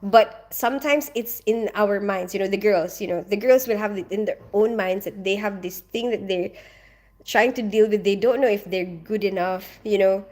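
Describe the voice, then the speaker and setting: A woman's voice: mid-range voice, normal speed, darkish tone. A woman hosting a casual livestream, chatting with viewers and giving reassuring advice, full of "you know" and "like". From Philippines. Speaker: livestream host.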